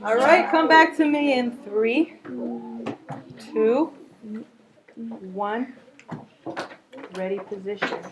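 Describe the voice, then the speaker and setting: A woman teaching a class, speaking slowly and patiently, encouraging her students. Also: a little high, expressive. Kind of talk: classroom instruction. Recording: faint background noise.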